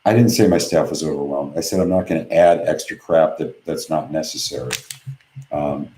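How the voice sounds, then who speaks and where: A man's voice: a bass voice, moderate pace, warm tone, reverberant, low-quality recording. A man hosting a live webinar from home, reading viewer questions aloud and answering them bluntly and offhand. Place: home office.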